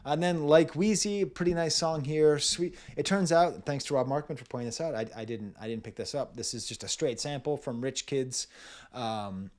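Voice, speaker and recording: Dude doing a laid-back album review, lots of uh's and little chuckles, just thinking out loud. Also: male voice, on the high side, moderate pace. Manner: thinking aloud, frequent uh and restarts, chuckling asides. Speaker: music reviewer.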